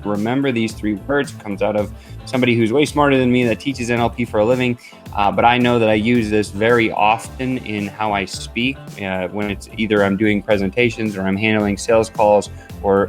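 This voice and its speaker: A man hosting an upbeat sales coaching vlog, talking in an energetic, chatty way with frequent fillers. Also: on the low side.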